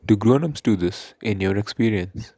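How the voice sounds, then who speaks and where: A male teacher with an Indian English accent, explaining a poem in an online English lesson in a slow, careful way. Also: fairly low pitch, lively intonation, dark tone, dry recording. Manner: slow, explanatory, reads poem lines aloud.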